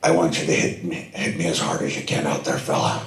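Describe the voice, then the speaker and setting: A man voicing a blunt, insistent Irish wrestler in a deliberately clumsy Irish brogue. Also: level tone, echoey room, a little hiss or hum. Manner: deliberately clumsy put-on brogue, low and half-whispered.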